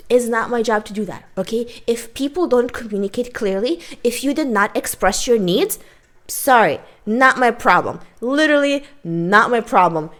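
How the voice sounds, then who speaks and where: A woman vlogger delivering a casual, emphatic rant to the camera, often checking in with "okay?". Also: mid-range voice. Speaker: art vlogger.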